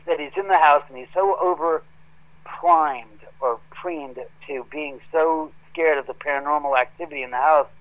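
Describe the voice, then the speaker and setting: A man telling a story in a casual, animated way that grows heated as he goes. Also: on the high side, highs cut off. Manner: animated, gets heated retelling events. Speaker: guest homeowner telling a story.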